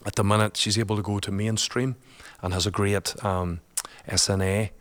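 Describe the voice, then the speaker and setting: A man's voice: fairly low pitch, little pitch movement, normal speed. A man, a guest and father, telling a personal story in a chatty, colloquial way, laughing often.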